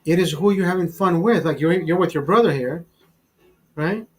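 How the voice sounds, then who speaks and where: A man in his forties with a high voice, hosting his own channel and chatting loosely over a beer. He swears often, restarts his sentences, laughs at himself and keeps calling the listener brother. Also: normal speed, rough recording. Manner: profane, rambling, many restarts; frequent laughter. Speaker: channel host. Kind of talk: casual storytelling over a beer.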